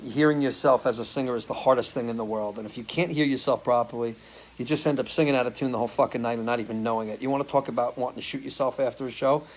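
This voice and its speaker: A man's voice: medium pitch, fairly even intonation, rapid-fire, a little hiss or hum, rough recording. Chatty man answering viewer comments. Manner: chatty, loose, swears casually. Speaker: singer hosting a live stream.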